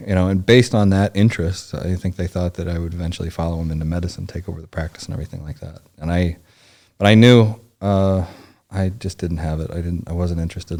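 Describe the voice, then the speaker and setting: Interview guest, man in his forties, from Indianapolis: low, warm voice, halting storyteller. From Indianapolis, United States. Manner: rambling, halting, full of restarts and fillers. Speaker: podcast guest, former Navy SEAL and historian.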